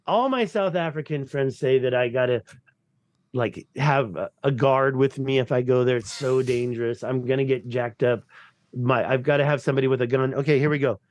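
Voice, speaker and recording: An American man appears as a podcast guest over a video call, talking in a rambling, excitable way and swearing casually. His pitch is medium, his pace moderate, with no echo.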